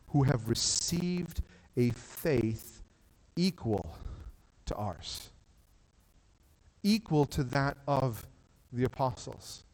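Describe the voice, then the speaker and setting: A pastor preaching a sermon from a stage, talking in a conversational way with frequent "like" and quick restarts. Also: male voice, medium pitch, darkish tone, big-room sound, poor audio. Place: church stage.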